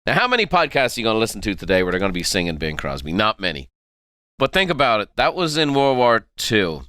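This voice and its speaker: A man's voice: fairly low pitch, huge pitch swings, fast talker, pushed and bright, no echo, clean studio sound. A middle-aged man from Ireland, hosting a motivational podcast and driving home key phrases by repeating them. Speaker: podcast host and motivational speaker. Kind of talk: motivational monologue.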